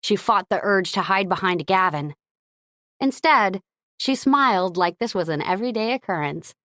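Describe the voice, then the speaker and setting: A woman narrating an audiobook in an expressive, lively reading. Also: mid-range voice, normal speed, no room sound, clean studio sound.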